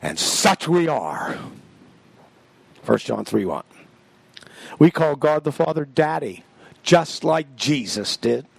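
A man's voice: fairly high pitch, very animated, slow pace, gravelly, long pauses, husky, no echo. An older man teaching a Bible study, reading verses aloud and explaining Greek words with emphatic swings of voice.

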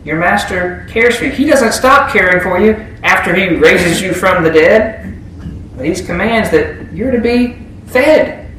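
High-voiced preacher in a very echoey church. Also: male voice, expressive, measured pace, pushed and bright, recorded from a distance, a little hiss or hum. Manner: conversational, asks the congregation questions. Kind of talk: sermon. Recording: very echoey room.

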